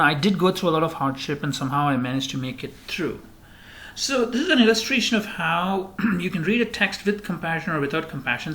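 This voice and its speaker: A man's voice: fairly high pitch, sharp tone. A man giving a recorded slide lecture, rambling with many fillers and restarts.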